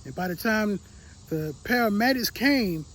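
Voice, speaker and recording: A man giving a motivational talk, telling a personal story with emotion, repeating words and dropping to a quiet voice. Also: sits high, expressive, measured pace, rough recording. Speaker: motivational speaker.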